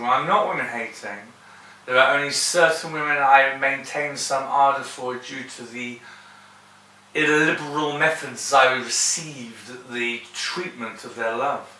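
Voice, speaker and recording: A man's voice: medium pitch, bright, forceful tone. A man ranting in a sardonic, digressive monologue. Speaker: vlogger. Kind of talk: rambling monologue to camera. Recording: roomy room, distant mic, faint hiss.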